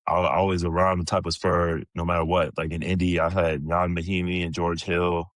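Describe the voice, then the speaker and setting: A man in his thirties, a former pro athlete, telling stories in a relaxed interview, cursing freely and chuckling often. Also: low-pitched, fairly quick, no echo, clean studio sound. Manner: laid-back, swears freely, chuckles often. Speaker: podcast guest, retired pro basketball player. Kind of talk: casual storytelling interview.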